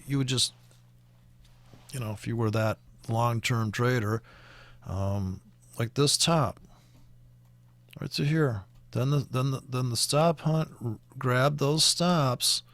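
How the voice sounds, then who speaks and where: With a mid-range voice and no room sound, a Canadian-accented forex trading commentator casually rambles through currency charts on a screen-share. His talk is full of fillers and restarts.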